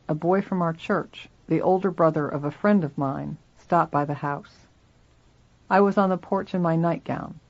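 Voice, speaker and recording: A reader narrating a memoir aloud in steady first person, in a dull lo-fi recording. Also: mid-range voice.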